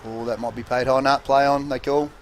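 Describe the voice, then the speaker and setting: A man with an Australian accent commentating a local football game in a relaxed, halting way with many fillers. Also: mid-range voice, slight background noise. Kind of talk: casual sports commentary. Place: commentary box at an outdoor oval.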